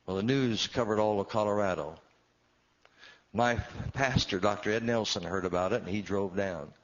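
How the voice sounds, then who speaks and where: A very low-voiced man preaching his own story from the pulpit. His delivery swells and sinks with feeling, and the recording sounds dull and muffled. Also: normal speed. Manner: emotional storytelling, voice swelling and dropping. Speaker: pastor. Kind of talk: sermon testimony.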